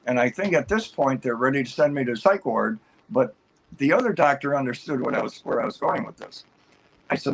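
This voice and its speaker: A man's voice: medium pitch, expressive, a little fast, vocal fry, a little hiss or hum, low-quality recording. A man guest on a talk show, telling a long personal story in an upbeat, rambling way, full of fillers and restarts.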